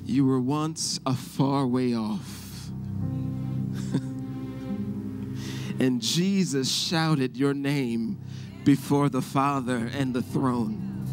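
A middle-aged man preaching a sermon as pastor. He keeps asking the congregation if they hear him and builds to loud shouts. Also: mid-range voice, drawn-out words, long pauses, over music. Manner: preaching with call-and-response questions, rising to shouts.

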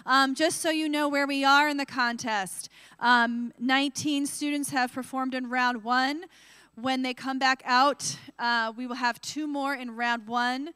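A woman's voice: high-pitched, fairly even intonation, measured pace, pushed and bright, smooth, no room sound. A woman teacher hosting a school poetry contest and announcing to the audience with occasional fillers. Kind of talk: announcing at a live event. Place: school auditorium.

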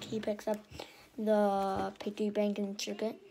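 A woman reading a children's storybook aloud in a lively way, often stumbling and restarting. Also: mid-range voice, unhurried, creaky, slight background noise. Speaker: reader.

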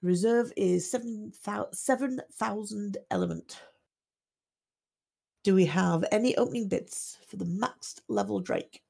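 Husky gravelly woman calling auctions. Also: mid-range voice, measured pace. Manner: steady methodical lot-calling, selling once, twice, sold.

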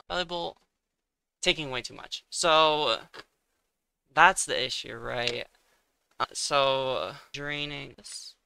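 A man's voice: fairly high pitch, creaky, pushed and bright. A young man giving casual commentary while he plays a competitive game, thinking aloud and muttering, with sudden exasperated outbursts. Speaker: gaming streamer.

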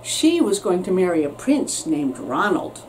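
A woman teacher reading a children's story aloud with expressive storytelling, recorded with a distant mic and faint noise. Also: on the low side, measured pace.

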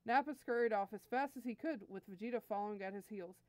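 A woman's voice: mid-range voice, fairly quick, hardly any pauses, darkish tone, no echo. A woman host reading fan fiction aloud in an easygoing, friendly storytelling manner. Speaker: story reader, channel host.

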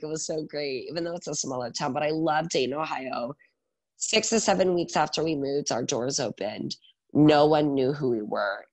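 A man in his thirties, a guest on an interview podcast, telling his story in an energetic, animated way with lots of filler words. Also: fairly high pitch. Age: 30s. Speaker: guest, salon owner and educator.

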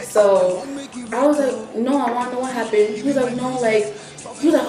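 A young woman vlogger telling a story casually, animated and laughing, acting out the people she quotes. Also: on the high side, brisk, reverberant, soft background music. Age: young adult.

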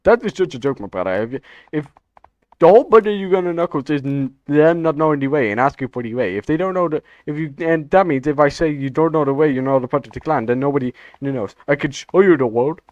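Brief: young male gaming host, slightly high and very animated, rambling jokes, dull lo-fi mic. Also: fast talker, dry recording. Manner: joking, rambling, lively. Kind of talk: casual gameplay commentary.

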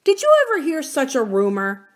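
A woman reading aloud and voicing a troubled middle-aged man who sounds strained and pleading, then breaks into angry shouts. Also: sits high, sing-song, brisk, pitched above the performer's own voice. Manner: tense and pleading, bursting into anger.

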